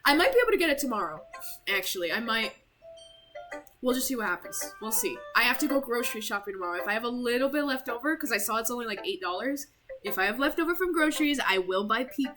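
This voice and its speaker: A woman's voice: a little high, sing-song, fast, pushed and bright, faint music behind, low-quality recording. Chatty young woman streaming a game. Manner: chatty, rambling, heavy use of "like", apologetic. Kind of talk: casual game commentary.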